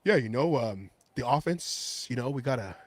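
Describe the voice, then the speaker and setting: A man mimicking a male pro quarterback giving a halting press answer, full of fillers and repeated words. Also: mid-range voice, expressive, no echo, studio quality, voice pushed down, natural voice.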